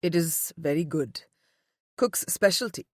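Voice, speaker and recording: A woman's voice: low voice, animated, measured pace, darkish tone, dry recording, clean studio sound, voice pushed down. A woman voicing a stern, commanding man. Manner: curt, clipped orders. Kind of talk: audiobook character voice.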